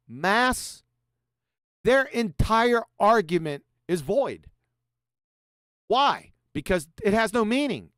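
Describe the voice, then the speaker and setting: A combative, sarcastic man hosts a livestream, reading passages aloud and mocking them. His voice sits high and swoops animatedly, and it is recorded close and dry with no room sound. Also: a bit bright, smooth, dry recording. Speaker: host.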